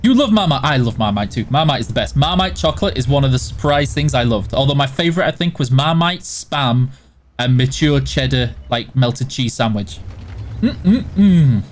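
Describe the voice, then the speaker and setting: This live stream host responds to his chat plainly and casually, speaking a little fast and in an animated way at medium pitch. He hails from where West and South Yorkshire meet in England and has a mild Yorkshire accent, with slight background noise behind him.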